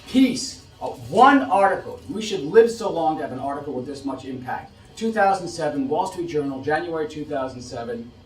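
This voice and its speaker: Man from the United States, middle-aged, lecturing, animated rhetorical questions, slightly higher voice, echoey room. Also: normal speed, hardly any pauses, distant mic. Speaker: policy expert giving a talk. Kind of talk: lecture to an audience.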